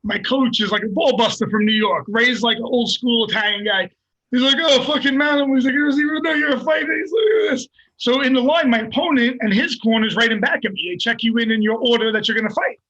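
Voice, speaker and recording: A middle-aged man, a fighter, telling a story in a casual, profane and animated way and laughing at himself. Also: very high-pitched, quick pace, lo-fi sound. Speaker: guest, MMA fighter.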